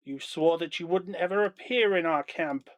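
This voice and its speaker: Gm doing a suspicious male warlord type, alarmed, kinda higher voice, tabletop game. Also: moderate pace, no echo, lightly acted. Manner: demanding, alarmed. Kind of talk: live tabletop role-play voicing.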